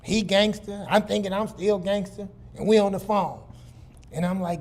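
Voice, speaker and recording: A middle-aged man from Detroit, a guest speaker telling a casual, animated story with plenty of repetition. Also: high voice, normal speed. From Detroit, USA.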